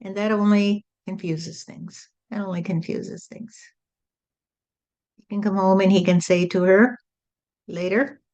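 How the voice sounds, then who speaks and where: Woman channeling a spirit, calm, lo-fi. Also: mid-range voice, unhurried, pauses often. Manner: calm, repetitive, sermon-like, often adds "you see".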